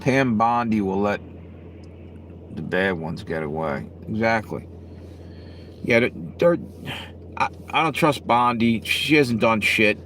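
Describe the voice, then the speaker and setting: A man's voice: fairly low pitch, takes it slowly, long pauses, a bit bright. A middle-aged man live-streaming, chatting casually with viewers in a blunt, profane, rambling way. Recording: faint background noise.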